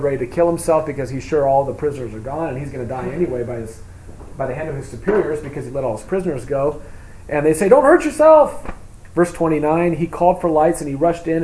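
Emphatic man preaching in an echoey room. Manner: swings from loud emphatic reading to quiet, low asides. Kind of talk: expository sermon reading scripture. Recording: echoey room with faint hum.

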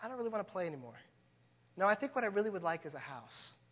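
A man plays a selfish boy from a children's storybook who keeps asking for more. The requests come out quick and offhand in a fairly high voice. A long hall reverb hangs behind him.

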